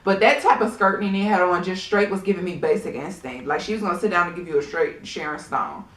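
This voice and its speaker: A woman giving a casual, sassy TV episode review in a blunt, animated way, often laughing. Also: on the low side, a little fast. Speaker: reality TV recap vlogger. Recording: echoey room.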